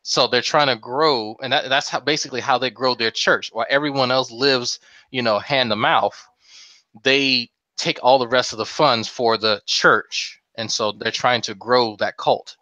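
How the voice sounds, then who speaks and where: A man's voice: mid-range voice, steady tone, normal speed, bright, forceful tone, dry recording. A man casually telling a long anecdote on a group talk show, acting out quotes as he goes. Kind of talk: casual storytelling. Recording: slightly dull lo-fi sound.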